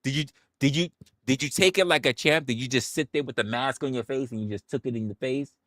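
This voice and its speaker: A man's voice: medium pitch, quick pace, a bit bright, no echo, studio quality. A man hosting a livestream, talking in a casual rant full of rhetorical questions, profanity and stammered restarts. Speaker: livestream host.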